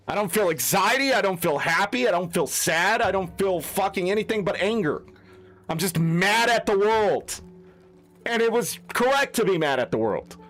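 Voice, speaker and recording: A man's voice: high voice, fairly bright tone. A man who streams games, ranting in an unscripted, heated, profane way. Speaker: gaming streamer. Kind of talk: unscripted rant.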